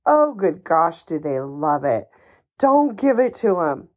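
A woman hosts her own advice podcast, speaking at an unhurried, deliberate pace. She is emphatic and encouraging, a little ranty at times, and drops a casual swear word now and then. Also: fairly low pitch, big pitch swings, highs cut off. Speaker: podcast host. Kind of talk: solo podcast advice monologue.

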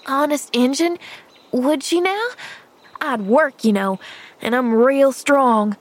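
A woman's voice: sits high, slow, pitched above the performer's own voice. A woman voicing a scruffy, sulky ten-year-old orphan boy who mumbles grudgingly in rustic slang, for a storybook reading.

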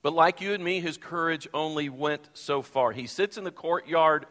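A man preaching a sermon from the pulpit, expressive, acting out the Bible quotes he tells. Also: fairly high pitch, normal speed. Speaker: pastor. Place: church sanctuary. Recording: long reverb of a church hall.

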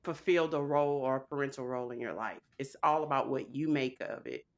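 A woman's voice: a bass voice, fast talker. A woman co-hosting a podcast in casual chat, playful and laughing often. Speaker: podcast co-host.

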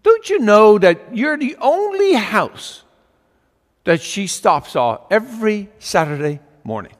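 A man's voice: sits high, big pitch swings, takes it slowly, big-room sound, voice pushed up, exaggerated voice. A man doing a defiant, whiny little boy. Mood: indignant. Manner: rising, pleading questions. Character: defiant eleven-year-old boy, indignant and whiny.

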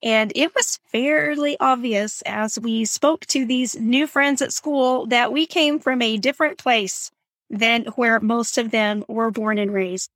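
A woman's voice: on the high side, fairly even intonation, unhurried, fairly bright tone, no echo. A middle-aged woman from Texas with a Texan accent, hosting a podcast and telling a story in a friendly, chatty way. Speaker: podcast host. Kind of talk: casual podcast monologue.

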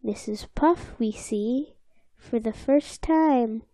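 A woman's voice: fairly high pitch, takes it slowly, warm tone, no echo. A woman co-hosting a podcast, chatting casually and playfully, sometimes slipping into silly voices. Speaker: podcast co-host. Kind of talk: casual chat recapping a cartoon episode.

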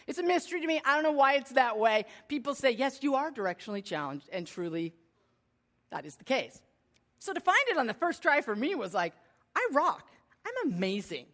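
A woman in her forties telling a self-deprecating personal story to an audience, shifting between lively and hushed. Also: on the high side. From United States. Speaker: speaker addressing an audience.

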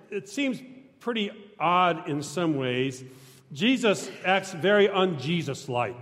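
A man with a notably high voice preaches from the pulpit, chatty and teasing with his congregation, now and then shouting for emphasis. His voice rings out with a long reverb that fills a large church sanctuary. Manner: conversational and joking with the congregation, sometimes shouting. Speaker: pastor. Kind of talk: sermon.

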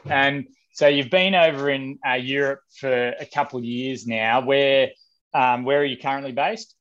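A man's voice: medium pitch, fairly even intonation, moderate pace, a bit bright. A man hosting a podcast, asking questions in an easygoing, joking, matey way. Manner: joking, easygoing, mate-style banter. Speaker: podcast host. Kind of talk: casual interview chat. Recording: dull lo-fi podcast sound.

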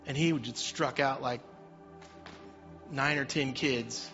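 Middle-aged man preaching with bright tone. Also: medium pitch, takes it slowly. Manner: swings from quiet storytelling to loud emphatic preaching. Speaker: pastor. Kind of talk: sermon. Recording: slightly dull sound with faint music behind.

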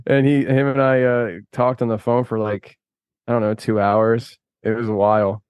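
A man's voice: mid-range voice, little pitch movement, moderate pace, darkish tone, clean tone, dry recording. A man talking as a guest on a podcast, rambling and chatty, laughing often and restarting his sentences. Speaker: podcast host and filmmaker guest. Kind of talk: casual conversation.

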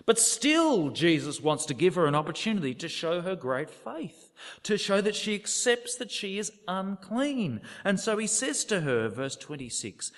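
Dramatic high-voiced male preacher, echoing hall. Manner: dramatic, rhetorical questions, drops to near-whispers. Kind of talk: sermon.

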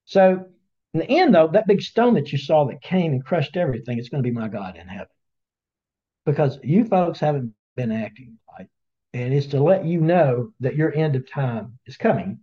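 A man retelling a Bible story in a casual webinar, as an animated storyteller who acts out the voices, on dull lo-fi audio. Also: on the high side, moderate pace. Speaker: Bible study teacher.

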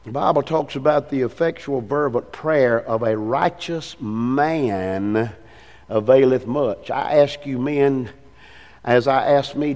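An older man, preaching a fervent sermon as pastor in a church, swinging between hushed and loud passages. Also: mid-range voice, takes it slowly, in a large hall. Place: church sanctuary.

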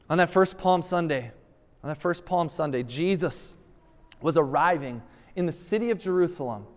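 Male pastor, high voice, emphatic sermon delivery, long hall reverb. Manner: emphatic, repeats rhetorical questions.

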